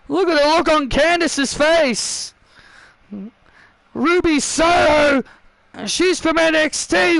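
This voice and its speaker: A man voicing an excitable wrestling commentator who shouts and exclaims in surprise. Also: sits high, clear, resonant tone, no echo, voice pushed down, heavily acted, rough recording. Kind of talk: game commentary.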